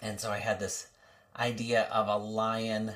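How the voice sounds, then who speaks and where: A man's voice: lowish voice, little pitch movement, a little slow, fairly bright tone. A man, a songwriter guest in a casual interview, talking hesitantly with many fillers.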